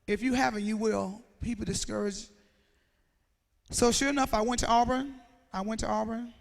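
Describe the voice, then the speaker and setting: A woman's voice: mid-range voice, vocal fry. A woman, giving a motivational speech to students and acting out the dialogue in her story. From Mississippi, USA. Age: 40s. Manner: storytelling, acts out dialogue, quizzes the audience. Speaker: motivational speaker. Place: school assembly hall. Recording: echoey hall reverb.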